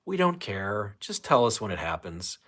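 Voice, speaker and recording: A man's voice: lowish voice, sing-song, moderate pace, fairly bright tone. A man from St. Louis hosting a casual livestream, ranting with lots of swearing and reading chat comments. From St. Louis, USA. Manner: ranting, profane, reads chat aloud. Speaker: livestream host.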